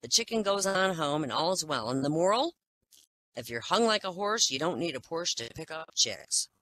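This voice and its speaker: A man's voice: a little high, animated, moderate pace, bright, forceful tone, poor audio. A man telling dirty jokes in a loose, casual storytelling way. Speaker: joke teller.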